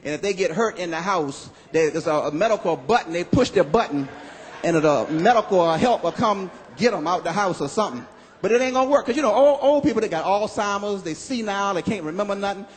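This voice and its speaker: A man performing a stand-up comedy routine on stage, animated and loud on his punchlines, acting out other people's voices. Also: sits high, a little fast. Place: comedy club stage with live audience. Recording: live hall recording with audience.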